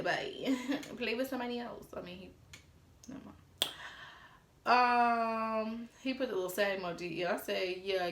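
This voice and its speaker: A woman's voice: mid-range voice, roomy sound. A woman in her twenties telling a casual storytime vlog, blunt and sassy and swearing freely. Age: 20s. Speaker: storytime vlogger.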